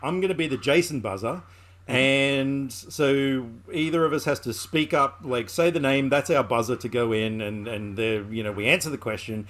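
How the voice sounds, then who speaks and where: A man's voice: medium pitch, normal speed, fairly bright tone. A man hosting a podcast in casual chat, joking and rambling and laughing often. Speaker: podcast host.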